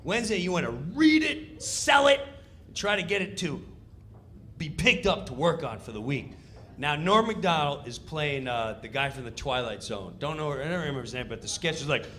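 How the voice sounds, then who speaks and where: A man telling an animated comedic backstage story, acting out the scene as he goes. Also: fairly high pitch, normal speed.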